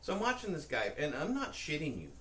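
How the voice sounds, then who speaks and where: A man co-hosting a podcast tells a rambling, profane story with a lot of energy, and his pitch leaps up and down. His voice is bright and forward. The recording sits in a roomy, echoey space with a faint hiss of background noise. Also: huge pitch swings, quick pace. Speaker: podcast co-host. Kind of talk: casual storytelling chat.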